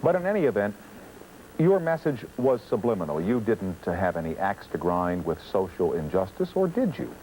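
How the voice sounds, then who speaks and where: A man hosting a television talk show, asking probing questions in a deliberate, good-humoured way. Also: deep voice, animated, warm tone, slight background noise, low-quality recording. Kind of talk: late night television interview. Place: television studio.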